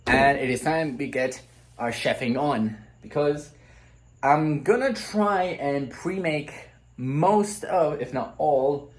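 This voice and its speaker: A young man talking casually while cooking in his home kitchen, swearing now and then. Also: mid-range voice. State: groggy morning voice. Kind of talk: casual vlog narration.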